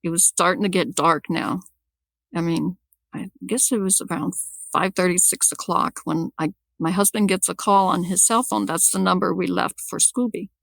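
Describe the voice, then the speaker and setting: Gravelly woman recounting her own story. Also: lowish voice, steady tone, fairly bright tone, no echo. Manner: halting, repeats words as she restarts. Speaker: podcast guest telling her story. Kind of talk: personal storytelling.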